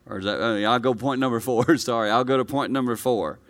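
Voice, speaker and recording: A male pastor preaching a conversational sermon to a live congregation, swinging from quiet, low delivery to loud, high-pitched excitement. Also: fast talker. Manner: conversational, personal preaching with direct address.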